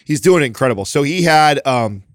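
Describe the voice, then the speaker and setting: A man's voice: a little high, expressive, normal speed, dry recording, studio quality. A man in his thirties hosting a podcast, telling a story in a rambling way with many restarts and casual swearing. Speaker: podcast host.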